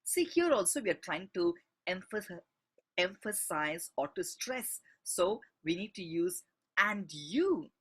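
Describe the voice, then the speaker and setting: A man's voice: high-pitched, sing-song, slow, fairly bright tone, slightly rough. A man, a French teacher patiently walking students through a textbook exercise and spelling words out letter by letter. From India.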